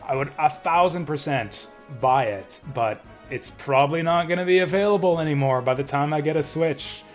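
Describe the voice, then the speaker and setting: A man's voice: a little high, moderate pace, soft background music. A man streaming a game from home, chatting casually and ranting bluntly with plenty of swearing. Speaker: livestreamer playing games. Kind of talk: casual live-stream commentary.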